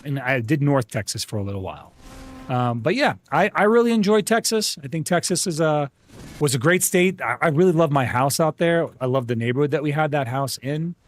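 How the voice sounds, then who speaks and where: Guy streaming games and chatting, fairly high voice, bouncy and animated, says dude a lot. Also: a little fast, a little hiss or hum. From United States. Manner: chatty and upbeat, restarts words often, calls people bro and dude. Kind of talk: casual live-stream chat while gaming.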